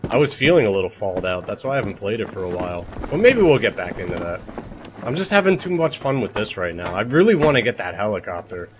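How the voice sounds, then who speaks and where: A young man livestreaming a survival game, chatting to his viewers with animated, self-mocking commentary, swearing and laughing as he goes. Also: lowish voice, quick pace, background noise. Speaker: streamer. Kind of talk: live-streamed gameplay commentary.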